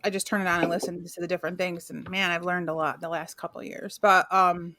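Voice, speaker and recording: A woman's voice: lowish voice, little pitch movement, fast, pushed and bright. A woman speaks with real enthusiasm in a casual podcast chat, leaning hard on her points. Her voice sounds dry and close with no room echo. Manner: enthusiastic, emphatic. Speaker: podcast co-host.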